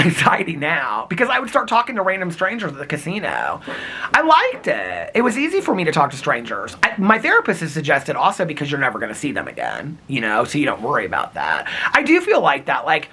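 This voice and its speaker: A man's voice: a little high, huge pitch swings, fast, bright, forceful tone, breathy edge. A man vlogging in casual, rambling storytelling, chatty and openly personal.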